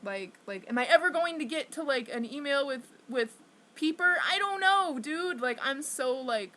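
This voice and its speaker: A woman's voice: high voice, animated, moderate pace, pushed and bright. A young woman venting to her camera, rambling with constant fillers and swearing, stressed and upset. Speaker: vlogger.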